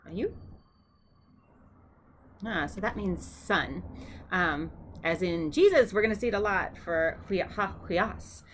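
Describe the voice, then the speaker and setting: A middle-aged woman giving a casual home lesson on vocabulary, chatty and repeating each word slowly for practice. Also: fairly low pitch, expressive, slight background noise. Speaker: Greek vocabulary teacher.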